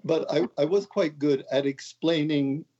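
A man's voice: on the high side, a little slow, dark tone. A man in his seventies from Montreal, a guest author chatting in an interview with a wry, joking, self-deprecating manner. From Canada, Montreal. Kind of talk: casual interview talk. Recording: dull lo-fi audio.

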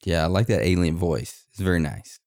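Deep gravelly man hosting a podcast. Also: lively intonation, brisk, a little mellow, dry recording, studio quality. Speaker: podcast co-host. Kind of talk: casual podcast chat.

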